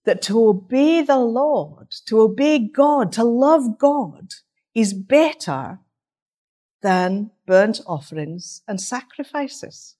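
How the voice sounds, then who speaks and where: A woman preaching an interactive sermon. She talks in a conversational teaching manner, asking rhetorical questions and pausing to let listeners talk among themselves. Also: fairly high pitch, animated, mellow.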